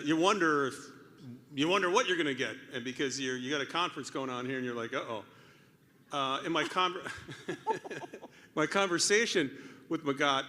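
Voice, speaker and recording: An American man speaks casually on a conference stage with a folksy, chuckling manner. His voice is bright and forceful, a little higher than most men's. A long hall reverb trails each phrase. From United States. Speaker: governor. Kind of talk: onstage conversation.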